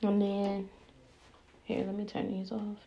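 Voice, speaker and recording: A young woman tells a personal story in a loose, slangy, animated way while doing her hair. Her voice has a gravelly fry. It sits in a roomy space with a faint hiss behind it. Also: mid-range voice, unhurried, highs cut off. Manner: animated, acts out quoted voices, slangy and candid. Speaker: vlogger. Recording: roomy echo with faint background noise.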